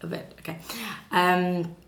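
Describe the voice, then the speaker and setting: A young woman from the north of England with a Lancashire accent, chatting casually and filling pauses with "um" and "like". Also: lowish voice, monotone, heavy background noise. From Burnley, northern England. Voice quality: chatty, many fillers and hedges. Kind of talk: casual chat about her accent. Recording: echoey room.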